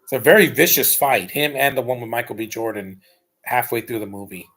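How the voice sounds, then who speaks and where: A man's voice: mid-range voice, brisk, fairly bright tone. A man giving casual, blunt and rambling live commentary while rewatching a film. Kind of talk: casual opinionated watch-along commentary.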